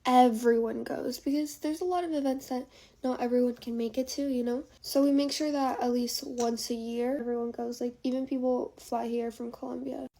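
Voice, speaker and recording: A woman's voice: a little high, steady tone, moderate pace, creaky, dark tone. A young woman chatting casually while getting ready, rambling with lots of filler words. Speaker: lifestyle creator. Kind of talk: get-ready-with-me chat.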